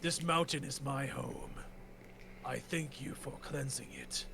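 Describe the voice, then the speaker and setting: A man voicing a solemn, ancient stone earth guardian in a slow, breathy, half-whispered voice, over a noisy home mic. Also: medium pitch. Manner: slow, grave.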